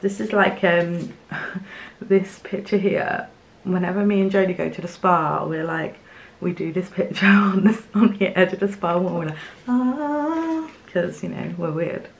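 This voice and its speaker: A young woman from England unboxing gifts in her home craft studio, chatty and excitable, with fillers and little laughs. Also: lowish voice, a little slow, gravelly. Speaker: craft vlogger. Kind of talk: casual unboxing chat to camera.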